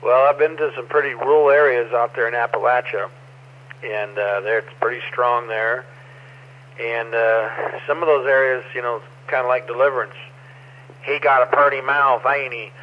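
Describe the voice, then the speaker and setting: A man's voice: mid-range voice, moderate pace. Middle-aged man, ham radio chat, rambling stories, muffled audio, faint static. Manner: rambling, storytelling, relaxed. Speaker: amateur radio operator. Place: over the air on amateur radio.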